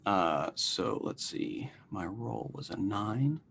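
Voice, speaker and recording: A man playing in a tabletop game, talking in a hesitant, halting way. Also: lowish voice, expressive, gravelly, fairly bright tone, slight background noise. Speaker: player. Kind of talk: casual tabletop play.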